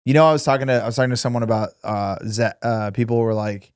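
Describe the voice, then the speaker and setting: A young man with a mid-pitched voice chatting loosely on a podcast. He jokes and curses casually. The recording is close and dry. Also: steady tone, quick pace, a little mellow, smooth, dry recording. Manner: laid-back, joking, swearing. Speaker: podcast co-host. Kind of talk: casual chat.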